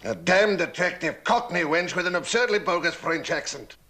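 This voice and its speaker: Smarmy lecherous lord, husky and gravelly. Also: male voice, high voice, moderate pace, sharp tone, exaggerated voice. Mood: suave. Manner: suave, innuendo-laden.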